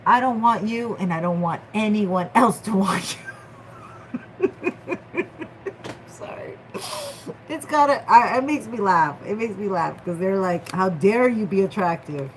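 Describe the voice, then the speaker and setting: Rich: A woman giving a casual tarot reading, playful and full of slang as she jokes with her viewers. She talks in an unhurried, drawn-out way at a middling pitch. A faint hum of ambient noise sits behind her. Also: animated, rough recording. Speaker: tarot reader.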